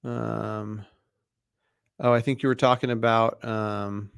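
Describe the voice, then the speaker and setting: A man hosting a live mortgage Q&A stream, talking in a relaxed, chatty way with lots of fillers and restarts, sounding tired. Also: fairly low pitch, takes it slowly, gravelly, clean tone, no room sound. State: tired, yawning.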